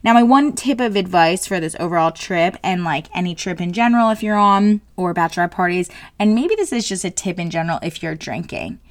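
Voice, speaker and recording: A woman's voice: fairly low pitch, animated, fairly quick, hardly any pauses, no room sound. A woman in her late twenties talking casually as a solo host, frank and jokey, full of fillers. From New Jersey. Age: 20s.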